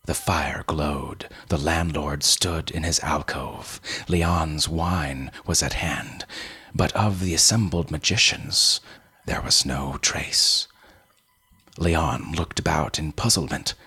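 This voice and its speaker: Deep husky slow male storyteller. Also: sharp tone. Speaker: story reader. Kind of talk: scripted fantasy narration.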